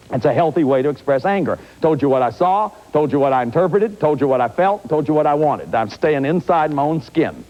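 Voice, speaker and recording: A man's voice: fairly high pitch, fairly quick, few pauses. Fifties guy giving a self-help talk, voice swoops all over, kinda muffled old recording. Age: 50s. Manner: animated, acts out examples, frequent restarts. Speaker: therapist and lecturer. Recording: dull lo-fi recording.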